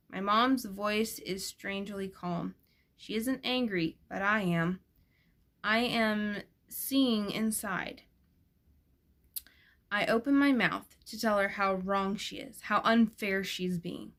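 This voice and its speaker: A woman narrating a first-person novel as an audiobook, gentle and expressive, changing her voice for the characters. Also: mid-range voice, takes it slowly. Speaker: audiobook reader.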